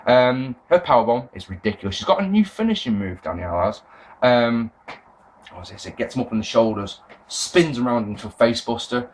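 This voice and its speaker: Young English man, casual camera vlogger, excitable and rambling, foul-mouthed, pitch all over the place. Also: brisk, a little hiss or hum, low-quality recording. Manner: animated, swears freely, rambling with restarts. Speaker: wrestling fan vlogger. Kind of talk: casual spoken review.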